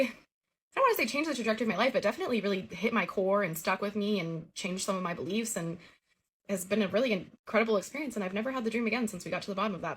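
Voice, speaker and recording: A woman's voice: medium pitch, breathy edge. A woman telling the story of a recurring childhood dream in a casual, earnest way.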